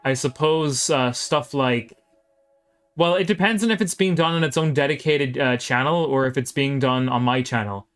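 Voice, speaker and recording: This male commentator runs live play-by-play on a video game match, rapidly narrating moves and talking to viewers in the gaps. He has a medium-pitched, fairly bright voice, with faint music in the background.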